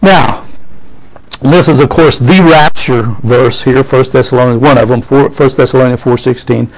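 A man's voice: mid-range voice, normal speed, poor audio. A man preaching a sermon, reading scripture aloud and calling out "amen?" to his congregation.

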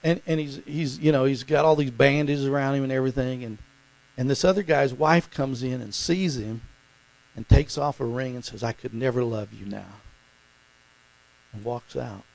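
A preacher man with a gravelly, creaky edge in a mid-pitched voice. He tells a sermon story in a rambling way, stumbling over repeated words, then presses hard on key points with rising fervor. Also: moderate pace, darkish tone, rough recording.

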